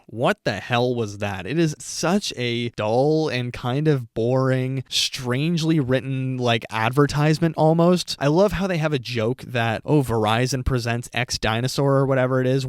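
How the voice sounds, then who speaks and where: A man's voice: mid-range voice, no echo, studio quality. Opinionated man hosting a film review podcast. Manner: opinionated, animated, frequent fillers like "like". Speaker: podcast host reviewing films. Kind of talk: casual solo film review.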